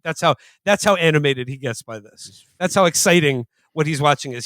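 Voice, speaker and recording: A man hosting a comedy podcast, reviewing a movie in casual chat with animated, mock-panicked impressions. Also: fairly high pitch, a little fast, few pauses, no room sound. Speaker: podcast host.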